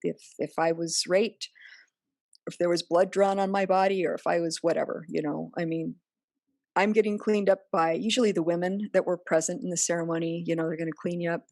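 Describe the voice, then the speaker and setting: A woman's voice: on the low side, steady tone, a little fast, creaky, a little mellow, dry recording, clean studio sound. A woman speaking earnestly as a podcast guest, often acting out remembered dialogue in other voices. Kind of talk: personal interview conversation.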